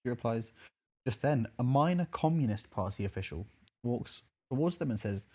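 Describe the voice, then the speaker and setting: Brief: male podcast co-host, mid-pitched, tells jokes as stories. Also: lively intonation, normal speed, dark tone, breathy edge. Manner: storytelling, puts on voices for characters.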